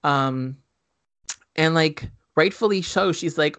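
A man's voice: fairly high pitch, unhurried, fairly bright tone. A man co-hosting a podcast who recaps a film in casual chat, joking and swearing, with lots of fillers. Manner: profane, joking, filler-heavy storytelling.

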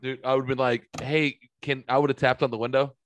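A man's voice: mid-range voice, level tone, fairly quick, no room sound. A man hosting a casual podcast chat, joking crudely and laughing often. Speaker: podcast host.

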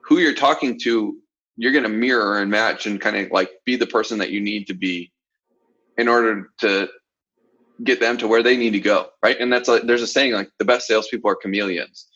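Husky sales coach, confident. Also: male voice, on the low side, brisk, dull audio. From Southern US. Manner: confident, explanatory, animated asides. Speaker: sales coach, podcast co-host. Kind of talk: casual coaching talk.

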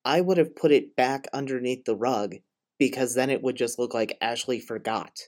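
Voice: mid-range voice, normal speed, a little mellow. A podcast co-host in casual chat, recapping a film with dry, opinionated asides.

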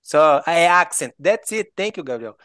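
A man's voice: a little high, animated, moderate pace, sharp tone, dry recording. A man from Brazil with a Brazilian Portuguese accent, a native Portuguese speaker chatting in English. He hesitates, restarts often and laughs between phrases. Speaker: participant. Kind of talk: casual chat, English conversation practice.

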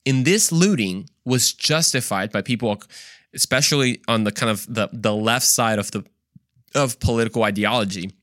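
The speaker is a man hosting a Christian podcast, his medium-pitched voice fairly bright and at normal speed, recorded clean in the studio with no room sound. He goes on emphatically alone, posing rhetorical questions and frequently repeating and restarting.

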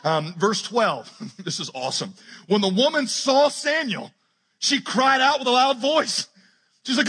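Bright, high-voiced joking pastor. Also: male voice, animated, breathy edge. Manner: joking, acts out Bible characters in quick asides. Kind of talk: sermon. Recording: preached in a large hall with long reverb.

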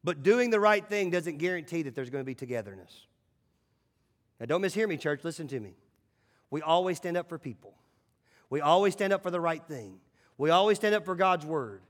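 A male pastor preaching a sermon in a church, emphatic, swinging between loud calls and hushed asides. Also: a little high, lively intonation, brisk, big-room sound. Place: church sanctuary.

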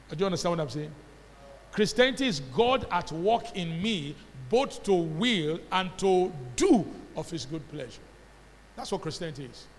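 A man's voice: high voice, a little hiss or hum. A man with a Nigerian accent preaching a sermon as pastor, emphatic and call-and-response, drawing answers from the congregation. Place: church hall. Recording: long church-hall reverb.

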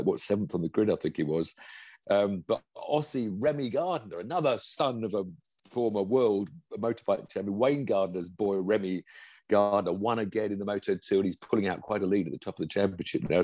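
Husky enthusiastic English man. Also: fairly low pitch, a little mellow, no room sound. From England. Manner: enthusiastic, rambling. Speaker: motorsport pundit. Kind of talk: casual motorsport chat.

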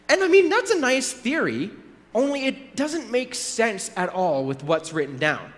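A man's voice: high voice, very animated, normal speed, a bit bright. A male pastor giving a conversational sermon, telling a story with casual asides and little acted voices. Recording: long hall reverb.

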